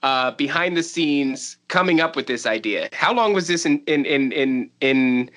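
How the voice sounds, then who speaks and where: A man's voice: on the high side, sing-song, normal speed, hardly any pauses, a bit bright. A man hosting a podcast in casual chat, joking and teasing his guests and laughing often. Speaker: podcast host.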